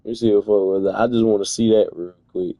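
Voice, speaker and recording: Gravelly dude w/ going off in disbelief on stream, mellow tone. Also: male voice, fairly low pitch, fairly even intonation, quick pace, no echo, muffled recording. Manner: incredulous, profane, rambling rants. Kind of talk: casual reaction commentary.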